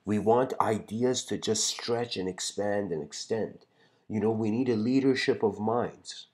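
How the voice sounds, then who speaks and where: Low-voiced man rambling through a lecture. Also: unhurried, a little mellow. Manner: rambling, filler-heavy, storytelling. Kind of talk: casual philosophical lecture.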